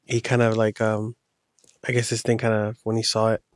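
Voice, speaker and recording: In clean studio sound with no echo, a podcast host with a lowish, monotone voice speaks at a moderate pace. He rambles through a horror story loosely and casually, leaning on slang.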